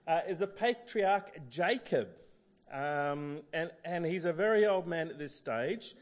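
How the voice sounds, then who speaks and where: A man's voice: fairly high pitch, animated, unhurried. A middle-aged man preaching a sermon, talking in a conversational way with frequent fillers and restarts.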